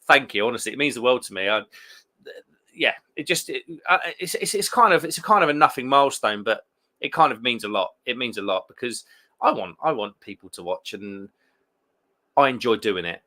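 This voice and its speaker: Bright-voiced chatty man. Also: mid-range voice, lively intonation, a little fast. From England. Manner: chatty, rambling, with many restarts and fillers. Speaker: live stream beer show host. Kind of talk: casual live chat reading viewer comments.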